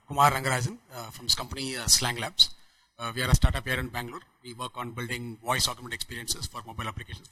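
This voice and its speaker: A middle-aged man gives a tech conference talk through a sore, husky throat, often checking in with "right?" and restarting his sentences. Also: medium pitch, bright, forceful tone, dry recording, poor audio. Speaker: startup founder giving a conference talk. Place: conference hall.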